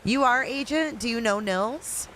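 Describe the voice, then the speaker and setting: This time the Michigan-accented host sounds on the high side, animated yet a little slow, with a fairly bright tone. She's chatting and answering viewer comments on a casual livestream from her Florida home during a hurricane, over a rough recording with a little hiss or hum.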